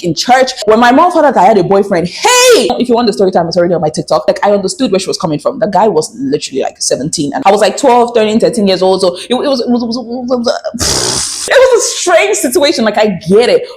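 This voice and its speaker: Fast-talking woman, animated rant. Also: medium pitch. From Nigeria. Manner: animated, sarcastic, quick and chatty. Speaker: vlogger. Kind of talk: storytime rant.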